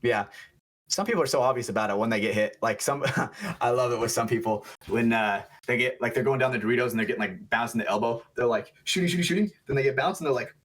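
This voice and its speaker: A young man, a game referee, chatting on a podcast as an animated storyteller who swears and laughs a lot. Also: medium pitch, fast. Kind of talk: casual chat.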